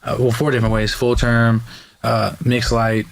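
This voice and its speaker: A man's voice: lowish voice, level tone, brisk, gravelly. A man hosting a group interview with students, asking questions in upbeat, slangy speech. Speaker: program host interviewing students.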